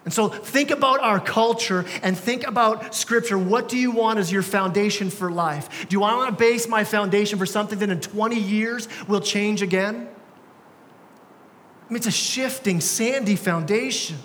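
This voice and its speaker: In a church sanctuary, a young man delivers a sermon as pastor at a moderate pace, his high voice fairly bright in tone. He talks casually, using slang and frequently starting over, while the hall's long reverb and a faint hiss or hum color the audio.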